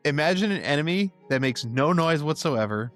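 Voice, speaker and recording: A man in his thirties co-hosting a gaming podcast, chatting casually with animated, jokey storytelling. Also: on the high side, moderate pace, soft background music. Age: 30s. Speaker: podcast co-host. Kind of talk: casual chat.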